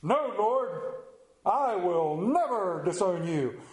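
A man's voice: high-pitched, sing-song, slow pace, darkish tone, echoey room, heavily acted, low-quality recording. A man voicing the disciple Peter as a proud, insistent man who makes emphatic declarations. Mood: boastful.

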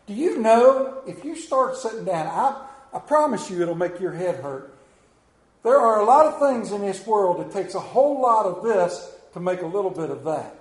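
Middle-aged Appalachian pastor, high-pitched man, joking folksy sermon, roomy church echo. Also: big pitch swings, moderate pace. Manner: folksy, joking storyteller who questions the congregation. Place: church sanctuary.

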